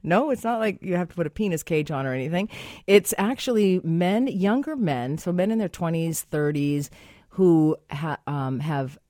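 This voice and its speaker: A woman's voice: on the low side, moderate pace, mellow, no room sound. A woman with a Massachusetts accent hosting a radio sex-advice show, chatting and reading listener emails, often laughing and mock-indignant.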